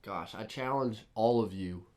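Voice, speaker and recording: A young man co-hosting a casual podcast, telling stories in an excitable, hype-filled way. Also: lowish voice, unhurried. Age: young adult. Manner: excitable storyteller, lively and hype-driven. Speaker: podcast co-host.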